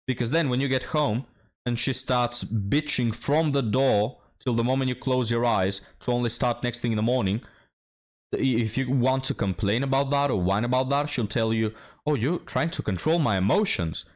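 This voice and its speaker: A man's voice: mid-range voice, moderate pace. A man hosting a reaction commentary, talking bluntly and mockingly with a lot of swearing. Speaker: commentary host.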